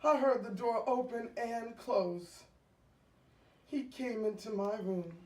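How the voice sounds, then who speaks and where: A woman telling a comic story in the first person, stammering and breaking into loud, indignant outbursts. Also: fairly high pitch, takes it slowly. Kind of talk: comic monologue. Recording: echoey room from far off.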